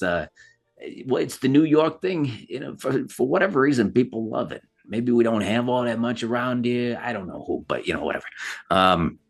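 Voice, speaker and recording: A man's voice: medium pitch, creaky. A man from Chicago, a guest actor giving thoughtful, hesitant interview answers. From Chicago, USA. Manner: thoughtful, searching, frequent hesitations.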